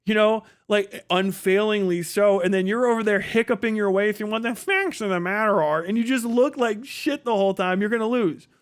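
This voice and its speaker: A male streamer talks through a debate in a loose, casual livestream style. His voice sits fairly high for a man, and he swears freely. He acts out the people he quotes in quick bursts. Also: clean tone. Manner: profane, animated retelling with quoted voices.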